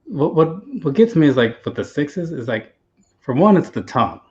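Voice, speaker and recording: A man's voice: fairly high pitch, big pitch swings, moderate pace, a little mellow. A man hosting a casual livestream chat, easygoing and rambling, with hesitant stops and restarts. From United States. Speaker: livestream host. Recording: dull lo-fi sound.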